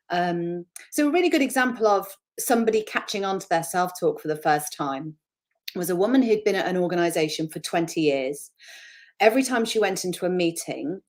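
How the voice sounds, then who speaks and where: A woman from the north of England with a Northern English accent, a motivational speaker talking in an interview and acting out voices as she explains. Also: lowish voice. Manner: animated, acts out voices of self-talk. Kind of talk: webinar interview talk.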